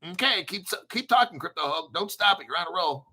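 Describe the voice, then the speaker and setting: A man's voice: high-pitched, lively intonation, brisk, bright, forceful tone. An American man hosting a crypto livestream, reading the chat and articles in a hyped, brash, rambling way with some swearing. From United States. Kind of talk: excited livestream commentary.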